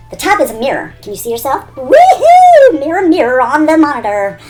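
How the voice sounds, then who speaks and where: Giggly high-voiced woman vlogger. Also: expressive, fast, soft background music. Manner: giggly, talks to herself and objects. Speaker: beauty vlogger. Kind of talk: playful outtake chatter.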